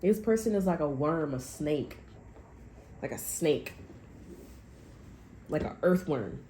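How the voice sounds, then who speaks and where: A low-voiced woman with lively intonation and a dark tone talks slowly over a faint hiss or hum. She's a tarot reader doing a casual, profane reading for viewers, chatty and prone to fillers and restarts.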